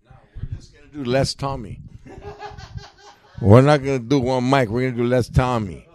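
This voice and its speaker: A man's voice: mid-range voice, moderate pace, darkish tone. A man hosting a comedy podcast, bantering loosely with friends in slang, calling them homie and dog. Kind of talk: casual joking chat with friends.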